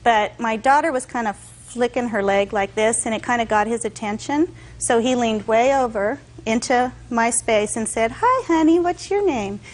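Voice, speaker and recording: A woman testifying as a defendant, telling her story in an animated way and acting out what others said. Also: fairly high pitch, normal speed, low-quality recording. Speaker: defendant in a courtroom show.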